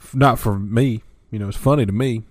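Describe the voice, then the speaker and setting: A man's voice: medium pitch, fairly quick, no room sound. A man chatting casually on a podcast, laid-back and telling stories with frequent laughs. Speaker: podcast host. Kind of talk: casual chat.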